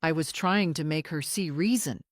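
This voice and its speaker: A woman's voice: sits low, normal speed, dry recording, studio quality, natural voice. A woman voicing a guarded husband giving curt, evasive answers on the stand. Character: evasive, controlled husband under questioning.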